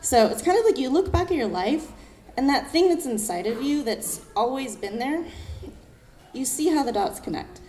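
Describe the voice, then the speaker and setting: A young woman poet giving a lively talk to a live audience, acting out what others said and reading her own poem. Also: sits high, slight background noise. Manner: animated, fast-talking, acts out quoted voices. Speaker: poet and speaker.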